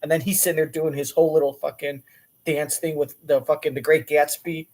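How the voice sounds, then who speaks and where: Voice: medium pitch, level tone, fairly quick, darkish tone. A commentator mocking a talk show clip in a crude, profane, sarcastic way.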